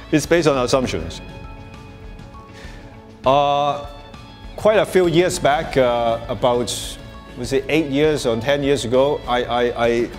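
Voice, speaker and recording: Faint music sits behind a medium-pitched man who speaks at a measured pace and pauses often. He's presenting at a live workshop to an audience, casual and conversational, restarting frequently, using lots of "you know"s and chuckling as he explains.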